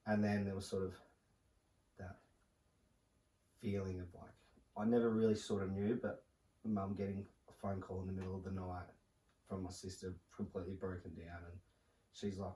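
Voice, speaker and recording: A young man, a podcast guest telling a personal story in a halting, soft-spoken way with many fillers. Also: low voice, flat delivery. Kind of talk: casual podcast conversation. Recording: roomy, distant mic with faint noise.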